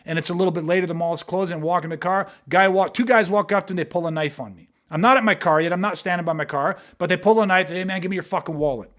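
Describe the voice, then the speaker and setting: In a podcast conversation, a martial arts instructor lays out street-confrontation scenarios, blunt, emphatic, and swearing freely. His voice is high and a bit bright, and he talks fast with hardly any pauses.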